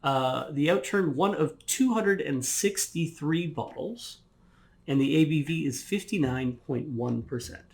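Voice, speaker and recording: A man co-hosting a whisky tasting, briskly reading out tasting notes. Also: fairly high pitch, lively intonation, vocal fry.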